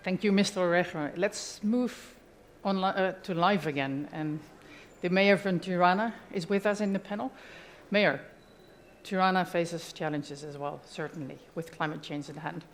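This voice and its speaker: Low-voiced woman moderating a panel. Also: moderate pace, a little hiss or hum.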